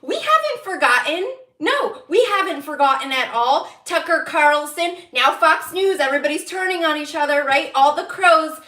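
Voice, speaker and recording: A woman's voice: high-pitched, normal speed, few pauses, bright, forceful tone, roomy sound. A woman doing a livestreamed tarot reading, venting angrily with lots of swearing and breaking into laughter. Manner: angry, profane venting broken by laughter. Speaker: tarot reader.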